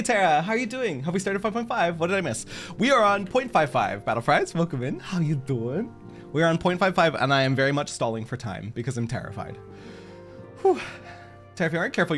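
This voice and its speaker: Man, game streamer, casual live chat, lively swooping voice, giggly, faint music behind. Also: on the high side. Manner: giggly, self-mocking, laughs a lot.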